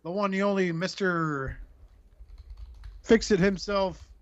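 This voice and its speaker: A man's voice: high-pitched, slow, no echo. Profane, joking male podcast host. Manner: joking, profane, animated storytelling. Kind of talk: casual podcast banter. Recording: muffled lo-fi audio.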